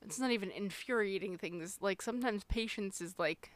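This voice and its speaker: A woman's voice: medium pitch, normal speed, dry recording. A woman co-hosting a parenting podcast, talking frankly and laughing at herself in casual chat. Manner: frank, self-deprecating, laughs often. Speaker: podcast co-host.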